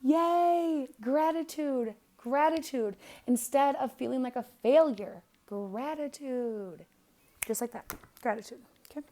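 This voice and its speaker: A woman's voice: high-pitched, normal speed, dark tone. A young woman giving a casual birth chart reading, blunt and profane, with lots of fillers. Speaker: astrologer.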